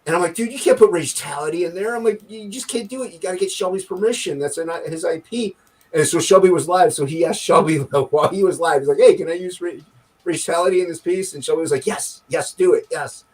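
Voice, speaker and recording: A man's voice: high voice, fast, darkish tone, slightly rough. A man talking in a casual podcast chat, opinionated and rambling, with many fillers and restarts. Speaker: guest.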